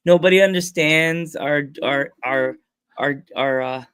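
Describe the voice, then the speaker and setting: Jokey higher-voiced man in his forties. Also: measured pace, a bit bright, clear, resonant tone, no echo, studio quality. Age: 40s. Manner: jokey, laughs often, does goofy voices in anecdotes. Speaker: podcast host. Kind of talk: casual podcast chat.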